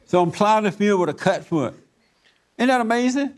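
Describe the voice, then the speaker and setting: A man's voice: sits high, animated, brisk. Emphatic preaching man hosting a discussion. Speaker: host.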